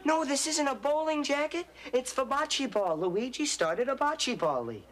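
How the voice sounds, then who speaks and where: A man's voice: very high voice, lively intonation, normal speed, fairly bright tone. An actor in a sitcom playing a playful husband who teases his wife. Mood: joking. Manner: joking, playful banter. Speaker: sitcom character. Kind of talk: sitcom acting.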